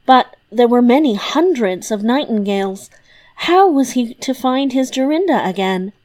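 A woman narrating a fairy tale as a storyteller in a measured, deliberate reading. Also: on the high side, expressive, darkish tone.

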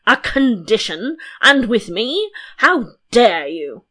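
A woman's voice: fairly high pitch, very animated, slow, pushed and bright, exaggerated voice. A woman voicing a blustering, hot-tempered old king who roars and scolds indignantly. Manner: roaring and indignant.

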